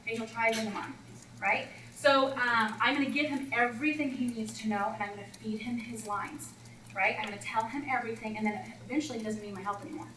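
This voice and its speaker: A woman math coach talking teachers through classroom routines in a chatty, animated way, acting out scenes with students. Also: a little high, fast, slight background noise. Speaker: math instructional coach leading a teacher workshop. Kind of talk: presenting to teachers. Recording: roomy echo, far from the mic, faint ambience.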